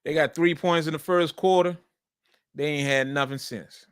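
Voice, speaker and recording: A man's voice: fairly high pitch, steady tone, moderate pace, smooth, no echo, studio quality. A man hosting a sports show, talking casually and emphatically about football and repeating his points. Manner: repetitive, emphatic, colloquial.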